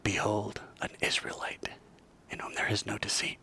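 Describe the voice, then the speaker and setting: A man doing a hushed, knowing teacher. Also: steady tone, very fast, no echo, natural voice. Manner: low, hushed, half-whispered. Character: calm, knowing male teacher speaking softly.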